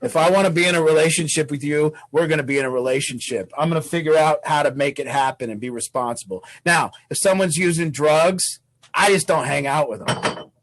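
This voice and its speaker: A man's voice: on the high side, a little fast, fairly bright tone, poor audio. A man leading a recovery support group on a video call, talking bluntly and swearing freely, acting out what others might say.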